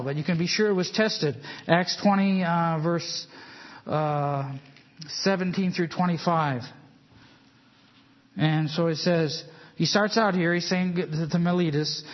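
A man preaching an informal Bible-study sermon in a conversational, digressive way, slowing down to read scripture aloud. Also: sits high. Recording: dull lo-fi recording.

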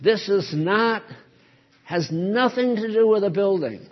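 A high, husky male voice delivers an unhurried Bible study sermon in an earnest, explaining way. He presses hard on key words. The recording is dull and lo-fi. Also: expressive. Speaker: Bible teacher.

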